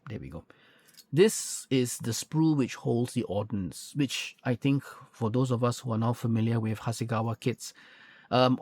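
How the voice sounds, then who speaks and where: A man's voice: mid-range voice, darkish tone, no room sound. A man walking through a model kit's parts in a chatty, pedantic way, full of fillers and self-corrections. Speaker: scale model reviewer. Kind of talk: unboxing walkthrough, casual commentary.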